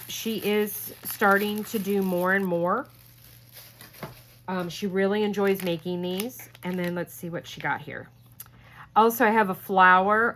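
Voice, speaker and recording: A woman's voice: medium pitch, a bit bright. A woman hosting a craft channel, chatting casually while opening gifts, gushing and grateful, close to tears. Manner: gushing, grateful, slow and tearful at times. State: tearful, trying not to cry. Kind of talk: casual unboxing chat.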